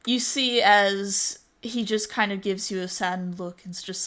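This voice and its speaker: A woman running a tabletop game as game master, narrating scenes in a relaxed, descriptive way and calling for rolls. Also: mid-range voice. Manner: unhurried, descriptive, calls for rolls.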